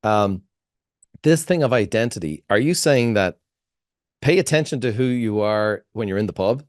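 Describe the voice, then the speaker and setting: A man's voice: on the low side, lively intonation, moderate pace, a little mellow, no echo, studio quality. An Irish man hosting an interview, asking long, searching questions full of restarts and fillers. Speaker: podcast host. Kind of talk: interview conversation.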